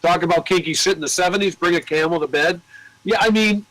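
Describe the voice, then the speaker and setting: A man chatting in a record store, his speech loose and profane. His voice sits a bit high, and he tells stories about customers with lots of animation. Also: fast talker, a bit bright, no room sound, low-quality recording. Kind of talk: casual chat, telling store anecdotes.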